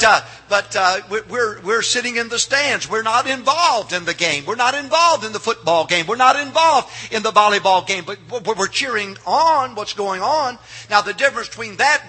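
Middle-aged man, fiery pastor, husky high voice, murmurs that rise to repetitive shouted refrains, preaching to a live congregation. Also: animated, normal speed. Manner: swings from low murmurs to shouted climaxes; calls for audience response. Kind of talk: fiery revival sermon.

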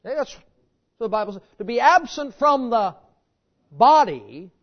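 A man preaching a sermon in a folksy, animated storytelling manner. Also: extremely high pitch, moderate pace. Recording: dull lo-fi sermon recording.

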